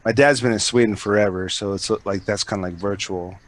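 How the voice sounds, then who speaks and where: A man's voice: lowish voice, steady tone, a little fast. A man hosting a podcast in loose, rambling chat. He swears freely and piles on fillers as he talks. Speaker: podcast host. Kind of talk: casual chat.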